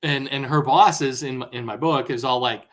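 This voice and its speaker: A man speaking as a guest in a casual podcast conversation, telling animated stories and acting out what people said. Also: medium pitch, moderate pace. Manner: animated storyteller who acts out dialogue. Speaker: guest, former intelligence analyst.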